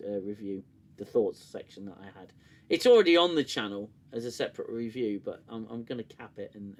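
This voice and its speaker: A man hosting a casual review livestream, talking in a rambling, candid way, swearing often and laughing easily. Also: medium pitch.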